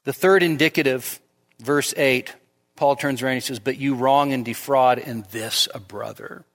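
A man's voice: mid-range voice, moderate pace, a bit bright. A male pastor preaching an expository sermon, emphatic and rising sharply when he quotes scripture. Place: church sanctuary. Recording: long church reverb.

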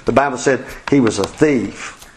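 A man's voice: medium pitch, normal speed, a little hiss or hum, poor audio. A man preaching a folksy sermon, acting out quotes and laughing between points.

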